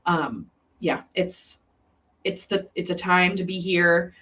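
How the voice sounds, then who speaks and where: Woman, lowish voice, chatty, lots of ums. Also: slow pace, pushed and bright, husky. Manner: chatty, many ums and restarts. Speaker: chamber of commerce representative. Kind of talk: casual conversational interview.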